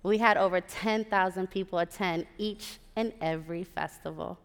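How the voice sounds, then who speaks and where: A woman's voice: fairly low pitch, moderate pace, clear, resonant tone. Sassy Puerto Rican-born woman telling a story on stage. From Puerto Rico. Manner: animated, sassy asides to the audience. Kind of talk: live storytelling performance. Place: large theater stage. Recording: live theater with long reverb.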